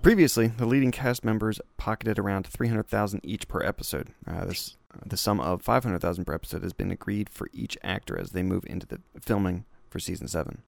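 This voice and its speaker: A man's voice: on the low side, fairly quick, creaky, few pauses, dry recording. A man co-hosting a podcast in casual chat, laid-back and rambling, reading out news items. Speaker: podcast co-host.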